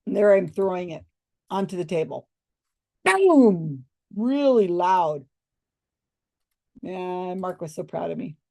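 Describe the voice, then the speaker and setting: A woman's voice: fairly low pitch, fairly even intonation, fairly quick, vocal fry, mellow. An older woman telling stories casually at home, chatty and laughing often as she acts out people's reactions. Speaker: storyteller showing old photos. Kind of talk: casual storytelling to camera.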